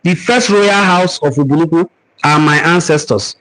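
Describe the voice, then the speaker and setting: This is a man's voice on the high side, at a moderate pace and a bit bright, captured in a low-quality recording. Speaking with a Nigerian accent, he runs a cultural forum live stream, teaching and answering viewers' comments in an earnest, sermon-like way with repeated words for emphasis.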